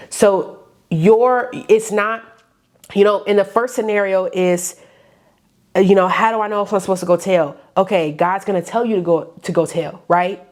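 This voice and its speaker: A woman's voice: mid-range voice, a little mellow. Woman, faith-based coach leading a Bible study, fervent and emotional, mid-range voice, repeats for emphasis. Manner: fervent, repeats lines for emphasis, addresses listeners as y'all. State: tearful at times.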